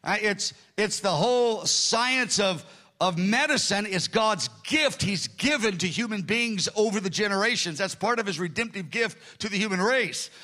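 Animated and moderately paced, a man in his sixties gives a sermon to his flock with a bright, forceful voice that is apt to strain. The pastor's manner is sincere and conversational, with sudden upward pitch shifts.

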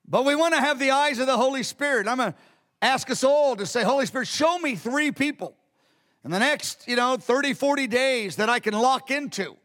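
A man with a very high voice preaches a sermon in an earnest, repeating manner, often circling back and restarting his phrases. His words ring with a long reverb from a large church hall. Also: brisk, fairly bright tone. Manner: earnest, repetitive, with frequent restarts.

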